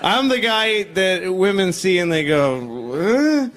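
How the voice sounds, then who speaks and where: A self-deprecating comedian in his forties, talking in a slightly high, dry deadpan and breaking into other voices. His set comes through as a live club recording, with steady noise running under it. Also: a little slow. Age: 40s. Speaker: stand-up comedian. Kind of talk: stand-up routine. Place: stage before a laughing audience.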